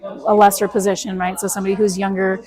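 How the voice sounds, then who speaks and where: A woman speaks quickly and keeps her pitch flat and steady. She is a guest telling her own story with force, and she quotes herself and everyone else as she goes. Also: rough recording. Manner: emphatic, quotes herself and others in dialogue. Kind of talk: storytelling in an interview.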